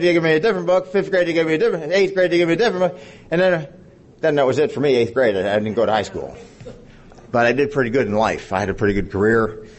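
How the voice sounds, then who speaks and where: Man, fifties, slightly raised pitch; rambling, joking testimony at a recovery meeting. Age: 50s. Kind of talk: personal testimony to an audience.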